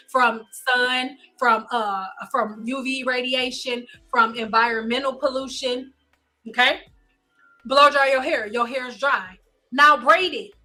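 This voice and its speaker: A woman hairstylist runs a live advice stream in a high, bright voice. She is blunt and insistent and keeps firing the same pointed questions until they land. Faint music plays softly behind her.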